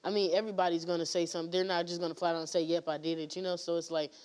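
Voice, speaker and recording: A woman's voice: lowish voice, level tone, rapid-fire, darkish tone. A woman guest on a talk show, telling a painful story in a rambling way with many fillers and restarts.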